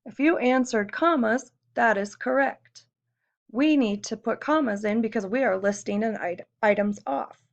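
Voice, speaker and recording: A woman teacher with a fairly high voice and a gravelly edge walks through a lesson patiently, step by step. She poses questions to her students as she goes. The recording sounds dull and lo-fi. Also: normal speed.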